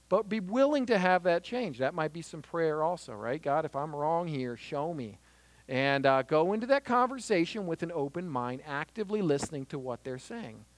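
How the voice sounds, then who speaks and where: Lively, high-voiced man teaching. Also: no echo. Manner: earnest and lively, acts out little scenes. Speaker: Christian teacher on marriage conflict. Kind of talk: conversational teaching with personal stories.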